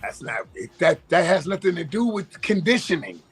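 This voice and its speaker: His voice sits high, sing-song and husky, with faint music behind it. He's co-hosting a casual sports talk show, arguing points and pausing to think out loud.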